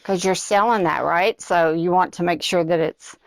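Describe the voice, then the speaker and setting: A woman's voice: lowish voice, moderate pace, gravelly, slight background noise. A middle-aged woman hosting a live craft demonstration, chatting directly to her viewers and slightly out of breath. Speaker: craft tutorial host.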